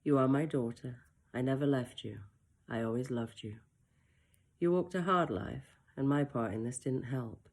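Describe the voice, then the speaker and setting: A woman reading her own novel aloud, voicing a dying father's letter to his estranged daughter in a soft, hushed, apologetic way. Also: rumbling low, normal speed, creaky, exaggerated voice.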